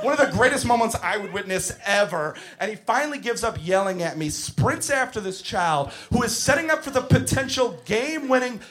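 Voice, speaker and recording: Stand-up comic, man in his thirties, high voice, deadpan storyteller who erupts into yelling, club stage. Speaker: stand-up comedian.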